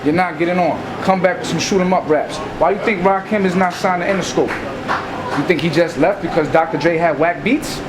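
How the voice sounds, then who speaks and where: A man's voice: high voice, fairly quick, background noise. A man from Staten Island, giving an interview in casual talk and acting out scenes to make his point. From Staten Island, New York.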